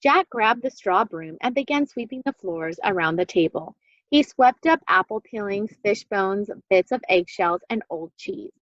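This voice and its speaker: A woman reading a children's book aloud with expressive, animated storytelling. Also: medium pitch, moderate pace, no room sound, highs cut off. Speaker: reader.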